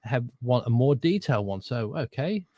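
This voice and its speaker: Man, mid-pitched voice, chatty, dry close mic. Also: animated, normal speed, a little mellow, dry recording, muffled recording. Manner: chatty, talks things through with restarts. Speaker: co-host, voiceover worker. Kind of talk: casual chat.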